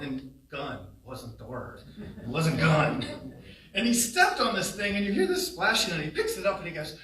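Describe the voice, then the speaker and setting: A man telling humorous family stories in a eulogy at a funeral home, animated and laughing along, recorded from a distance. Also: sits high, normal speed. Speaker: son giving a eulogy. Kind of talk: humorous memorial storytelling. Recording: roomy, distant hall sound.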